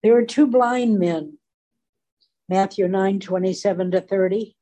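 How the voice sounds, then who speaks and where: A woman teaching from the Bible in an earnest, deliberate sermon, briefly voicing the people in the stories. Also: medium pitch, warm tone, low-quality recording. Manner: earnest, slow and deliberate, acts out quoted voices briefly.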